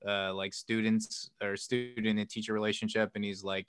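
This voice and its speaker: A man with a fairly low voice talks casually as a podcast co-host. He rambles loosely, filling his sentences with "like" and "um", and lifts his voice when he acts out quoted lines. The sound is dry and close. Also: flat delivery, normal speed, fairly bright tone, smooth, dry recording. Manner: loose and rambling, heavy use of "like" and "um". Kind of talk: casual chat recounting a film plot.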